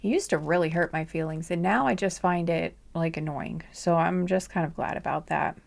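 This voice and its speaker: A woman's voice: lowish voice, moderate pace, vocal fry. Chatty, rambling woman tarot reader. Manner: rambling, laughing, sassy asides; drops to whispers at times. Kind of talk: casual chatty monologue.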